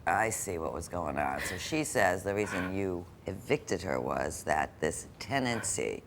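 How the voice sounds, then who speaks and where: A woman with a low voice presides as a television judge. Her voice swings widely in pitch as she questions the parties and scolds the defendant sternly, over a faint background rumble. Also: animated, a little slow. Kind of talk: courtroom TV show.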